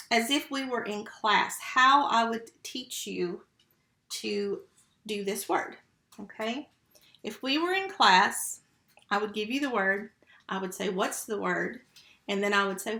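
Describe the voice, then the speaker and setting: A patient woman teacher leads a remote phonics lesson for first graders, sounding out syllables and spelling letters one at a time. Her voice sits at an everyday middle pitch. The room around her gives a noticeable echo. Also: creaky, pushed and bright.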